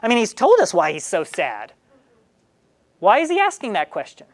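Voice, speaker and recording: A woman's voice: medium pitch, moderate pace. A woman leading a group Bible study, asking questions and acting out the psalmist's words. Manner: animated, asks questions and acts out the psalmist.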